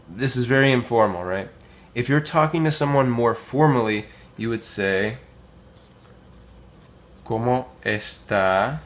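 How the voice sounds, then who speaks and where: A man teaching a casual language lesson, modelling phrases slowly with many pauses and filler words. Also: medium pitch, a bit bright. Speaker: Spanish teacher.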